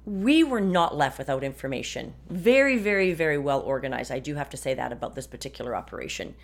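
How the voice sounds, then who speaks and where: A woman's voice: extremely low pitch, lively intonation, fast talker, gravelly. A woman in her fifties hosting a podcast from her desk at home, talking frankly and chattily with some wry sarcasm. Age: 50s. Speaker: podcast host. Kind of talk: casual personal monologue.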